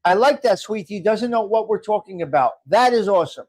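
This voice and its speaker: Lively high-pitched man hosting a live chat. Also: a little fast. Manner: chatty, laughs often, rambling. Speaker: livestream host. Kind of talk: casual live chat reading viewer comments.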